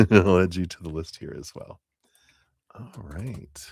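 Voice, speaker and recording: Man, middle-aged, low voice, dry close sound, chatty tarot stream reader, laughs a lot. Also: expressive, unhurried, creaky, no echo. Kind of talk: live-stream tarot reading.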